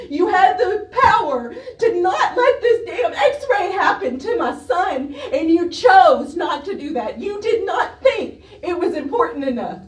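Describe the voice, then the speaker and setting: A woman's voice: very high-pitched, lively intonation, measured pace, few pauses. A woman pleading in tears during public comment at a council meeting, her voice shaking as she speaks. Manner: pleading, breaking with emotion. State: crying, voice shaking. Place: council chamber. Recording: echoey chamber, distant mic.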